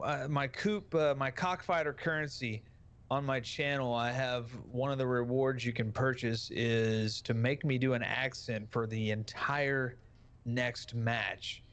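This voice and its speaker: A man's voice: medium pitch, unhurried. A man, a guest streamer, chatting casually in a crude, jokey way with frequent swearing. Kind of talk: casual podcast chat.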